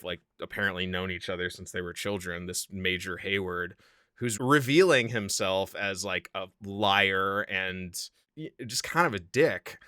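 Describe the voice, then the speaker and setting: A man's voice: low-pitched, bright, forceful tone, clean tone, no room sound, clean studio sound. A podcast co-host, a man, enthusiastically talking through a film scene in casual chat, full of filler words. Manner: enthusiastic, lots of "like" fillers, laughs often.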